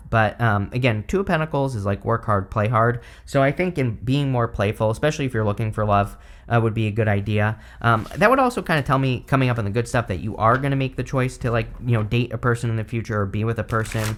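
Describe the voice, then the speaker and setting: A man's voice: medium pitch, fairly bright tone. Rambling man in his thirties reading tarot. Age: 30s. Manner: rambling, lots of "like" and "you know". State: slightly hoarse, losing his voice. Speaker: tarot reader.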